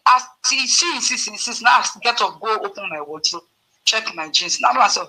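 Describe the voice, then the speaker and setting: A woman with a Nigerian Pidgin accent, casually telling a story to her viewers and acting out the dialogue with sudden leaps in pitch. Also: expressive, a little fast, pushed and bright, rough recording. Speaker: vlogger.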